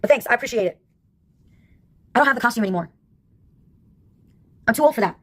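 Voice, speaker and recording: Fast-talking wry woman in her fifties. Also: on the high side, animated, a bit bright. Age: 50s. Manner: wry, sarcastic, laughs at her own stories. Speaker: vlogger. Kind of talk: casual storytelling monologue.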